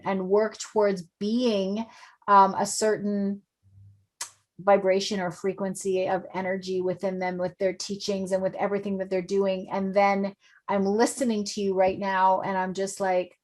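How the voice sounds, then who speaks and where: A woman hosting an online event, gushing and effusive, repeating her praise. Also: mid-range voice. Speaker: event host.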